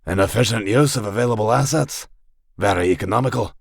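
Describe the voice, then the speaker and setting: Brief: boastful dwarf warrior, read by a man, hammy fake brogue, theatrical, a bit raised in pitch. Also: fast talker, creaky, no echo, clean studio sound. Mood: stiff. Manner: theatrical, bombastic.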